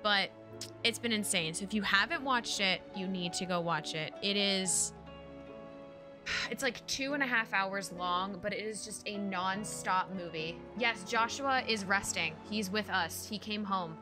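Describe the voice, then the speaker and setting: An excited young woman streams a game and rambles through a casual recap, full of fillers. Her voice sits at a middle pitch. Game music plays behind her. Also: measured pace. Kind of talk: casual let's-play recap.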